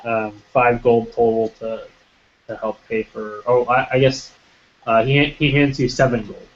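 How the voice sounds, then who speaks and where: A man narrates a tabletop roleplaying game as game master, stopping and restarting his sentences often. His voice sits at a medium pitch. The recording is dull and lo-fi. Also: level tone, unhurried. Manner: hesitant, many ums and restarts. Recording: muffled lo-fi recording.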